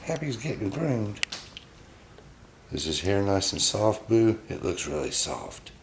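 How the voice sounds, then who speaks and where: Host: deep-voiced man, doting and chuckly with his pets, roomy home room. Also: very animated, a little slow, background noise. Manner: doting, chuckling, softens to cooing. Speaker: pet owner and channel host. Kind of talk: casual vlog narration to pets.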